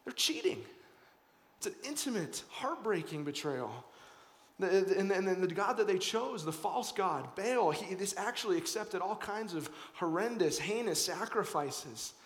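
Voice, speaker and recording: A man's voice: sits high, expressive, a little slow. A man in his thirties preaching a sermon as pastor, earnest and conversational, often repeating words as he restarts. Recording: echoey hall.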